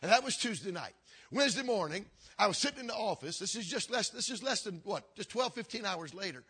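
Husky-voiced older pastor preaching. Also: male voice, expressive, fairly quick. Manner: earnest, repetitive preaching cadence that drops low and quiet. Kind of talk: storytelling sermon.

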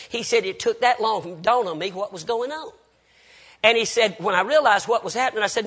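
A Baptist preacher man tells folksy stories in his sermon and acts out both sides of every exchange. His voice sits high for a man and rings bright and sharp. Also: lively intonation, a little fast, breathy edge. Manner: folksy anecdotal storytelling with quoted dialogue. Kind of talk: storytelling sermon.

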